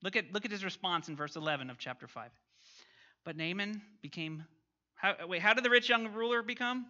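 A man's voice: high voice, a little fast, sharp tone, highs cut off. A man teaching an interactive Bible lesson, questioning his class and reading scripture aloud.

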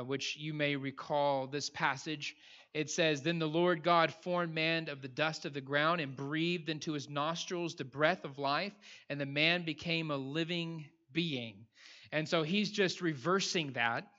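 A man's voice: a little high, a little slow, pushed and bright, highs cut off. A man preaching a sermon in a conversational way, often restarting his phrases. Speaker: pastor.

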